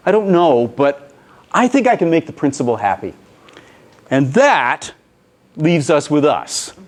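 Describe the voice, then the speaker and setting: A man with a medium-pitched voice gives an animated lecture presentation at a conference, telling it like a story and often slipping into the voices of the people he quotes.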